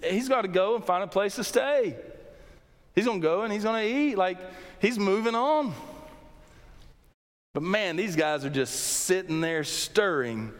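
Man preaching, slightly high voice, conversational sermon style with restarts, recorded in an echoing hall. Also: expressive, unhurried, pauses often. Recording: long hall reverb.

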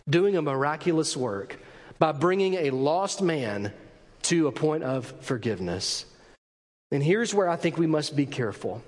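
A man preaching a sermon to a congregation, swinging between loud emphasis and hushed asides and acting out the voices of the crowd. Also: on the high side. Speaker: pastor. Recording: long hall reverb.

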